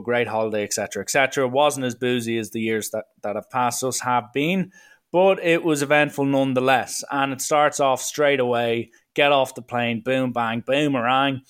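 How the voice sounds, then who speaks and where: A man's voice: mid-range voice, smooth. Chatty male podcaster, loose and rambling in his anecdotes. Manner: rambling and chatty, with fillers and slang. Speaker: solo podcast host. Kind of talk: casual storytelling monologue.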